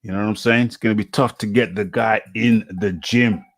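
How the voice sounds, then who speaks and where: A man's voice: on the low side, fairly even intonation, a little fast, gravelly. A man hosting a live boxing chat show, talking casually and repeating his phrases. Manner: repeats phrases, laughs easily. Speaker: podcast host.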